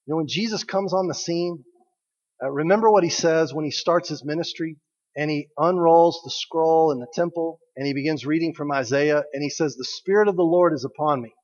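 A man's voice: a little high, steady tone, moderate pace, darkish tone. A man preaching a sermon as a pastor, speaking in a conversational, joking way and asking the congregation questions. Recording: dull audio with long hall reverb.

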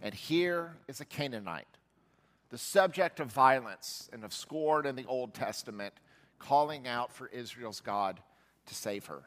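A man's voice: animated, unhurried. A male pastor preaching a sermon, telling a Bible story and voicing its characters as he goes. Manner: storytelling, voicing quoted figures with shifts in pitch and loudness. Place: church sanctuary. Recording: long church reverb.

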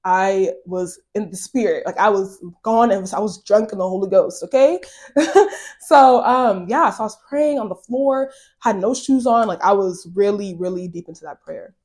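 A woman's voice: mid-range voice, moderate pace, darkish tone. A woman hosting a podcast, telling her personal faith testimony in a casual, earnest way with many fillers. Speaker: podcast host.

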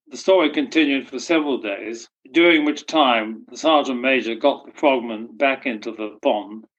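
A man's voice: a little high, fairly bright tone, highs cut off. Older Englishman with dry humor. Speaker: interviewee. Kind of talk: storytelling anecdotes.

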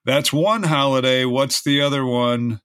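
A man's voice: medium pitch, unhurried, a bit bright, clean tone, no room sound, studio quality. A man co-hosting a podcast, chatty and teasing as he riffs on holidays and sports. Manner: teasing, chatty, talks through sports trivia. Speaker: podcast co-host. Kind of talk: casual podcast chat.

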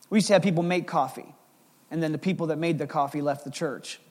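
A man delivers a sermon as lead pastor, his voice high for a man. He tells stories with animated energy. The sound carries a long reverb, as in a church hall. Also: fast talker. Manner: animated, storytelling with acted quotes.

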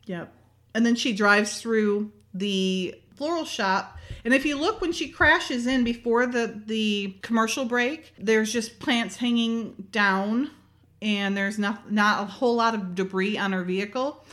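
A woman's voice: fairly high pitch, a little slow. A woman hosting a casual chat, recapping a TV episode, laughing often and acting out the characters. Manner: animated, laughs often, acts out the characters' lines. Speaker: podcast host.

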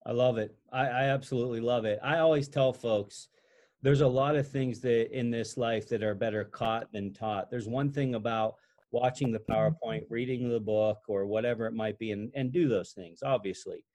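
A man's voice: mid-range voice, normal speed, a little mellow. A man hosting a podcast, talking in an encouraging, motivational way as he wraps up an interview. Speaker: podcast host. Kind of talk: interview and show sign-off.

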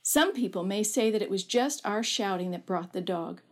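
Woman storyteller, mid-pitched, measured and expressive in a scripted reading. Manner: measured, expressive reading that lifts her voice for shouted quotes. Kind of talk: scripted first-person story narration.

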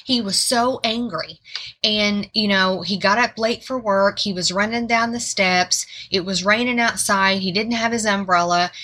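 A woman's voice: mid-range voice, a little slow, sharp tone. A woman giving an informal sermon, earnest and repeating words for emphasis. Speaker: Bible teacher.

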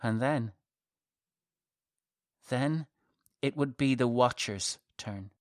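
A man reading his own dark fantasy story aloud in a measured, softly dramatic narration. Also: mid-range voice, no echo, clean studio sound.

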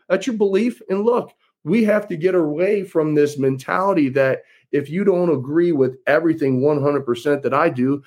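A man running for office, speaking to his followers in a folksy, emphatic way and repeating phrases for effect. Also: fairly high pitch. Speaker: political candidate. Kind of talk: campaign address to followers.

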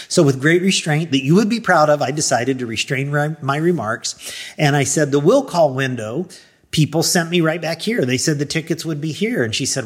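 A middle-aged man, a pastor, telling a personal story in an animated way, acting out his own thoughts and replies. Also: on the high side, moderate pace, slightly rough.

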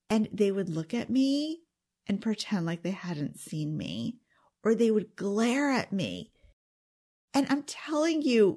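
An earnest woman speaks in an intimate, confiding way, as if talking straight to a friend. Her voice sits at an ordinary middle pitch, and now and then it drops into a soft whisper. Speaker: self-help speaker. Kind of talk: confiding direct-to-camera talk.

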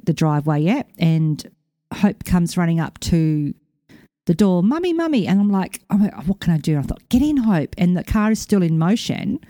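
A middle-aged woman tells a story on her podcast, chatty and animated, acting out what people said. Her voice sits low and mellow. The recording is dry and close. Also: dry recording. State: recovering from concussion. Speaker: podcast host. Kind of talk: casual storytelling monologue.

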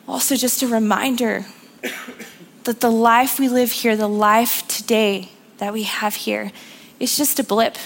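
Her pitch runs on the high side with some vocal fry as this young adult woman, the youth speaker, preaches in church. The sermon is earnest and uplifting, with phrases repeated for emphasis.

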